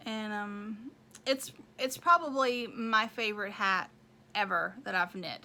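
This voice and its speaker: A woman's voice: medium pitch, unhurried, bright, forceful tone. A woman hosting a knitting video podcast, chatting casually and rambling as she shows off her projects and counts squares aloud. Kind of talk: casual show-and-tell chat.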